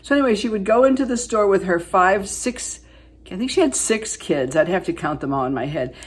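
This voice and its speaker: A woman in her seventies chats her way through a makeup tutorial in a mid-pitched, everyday voice. She rambles with fillers, drifts into long family stories, and drops to quiet asides while she applies color. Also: lively intonation, brisk, husky. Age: 70s. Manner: chatty storyteller, rambling with fillers, dropping to soft asides while applying makeup. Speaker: beauty vlogger. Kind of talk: casual makeup tutorial chat.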